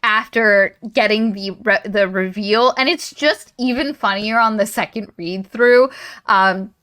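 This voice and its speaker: A woman's voice: medium pitch, a little slow, sharp tone. A woman co-hosting a book club podcast, eagerly jumping in to add details while chatting casually about a novel. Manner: eager, jumps in with added story details.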